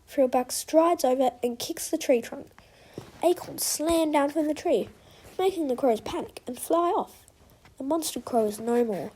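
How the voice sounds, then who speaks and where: A woman reading a children's storybook aloud in a slow, expressive way. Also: high-pitched.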